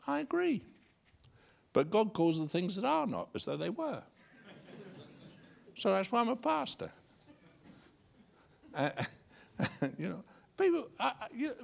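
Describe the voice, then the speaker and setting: A man's voice: a little high, vocal fry. A male pastor preaching a sermon, reading scripture and joking with a chuckle between verses.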